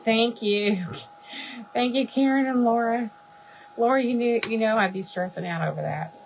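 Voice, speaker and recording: A woman's voice: on the high side, moderate pace, vocal fry, slight background noise. A woman hosting a craft livestream, chatting casually, laughing often and answering viewers by name. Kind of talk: casual live chat while crafting.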